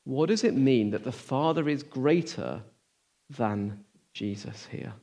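A man preaching a sermon, earnest and full of rhetorical questions, moving between emphatic lines and hushed, almost whispered ones. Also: mid-range voice, expressive, slow, gravelly.

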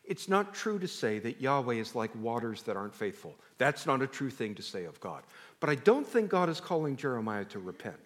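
A man's voice: medium pitch, very animated, a little fast. A male pastor preaching a sermon in a conversational way, often putting questions to the congregation and shifting his emphasis freely.

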